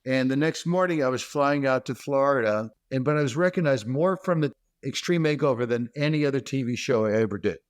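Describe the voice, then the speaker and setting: A man, a stand-up comedian, telling animated, self-deprecating stories as a guest over a video call. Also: mid-range voice, a little fast, few pauses. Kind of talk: comic storytelling.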